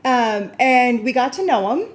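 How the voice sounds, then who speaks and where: A woman co-hosting a live gem sale, chatting gently and telling stories from home. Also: fairly high pitch, animated, a little slow. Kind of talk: casual chat.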